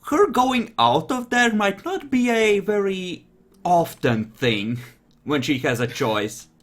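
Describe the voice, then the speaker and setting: Bright, lively-voiced male game master. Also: high-pitched, takes it slowly. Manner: explanatory, with frequent fillers. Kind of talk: narrating a tabletop role-playing game.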